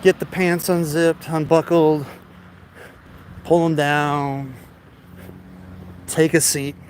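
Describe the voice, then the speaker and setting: A man with a slightly high voice rambles through a story as he walks, stammering over his words and often breaking into laughs. It is recorded on a phone outdoors, with clear street traffic behind him. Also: steady tone, takes it slowly, darkish tone. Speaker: vlogger. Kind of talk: rambling storytelling while walking. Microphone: phone held while walking. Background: street traffic noise.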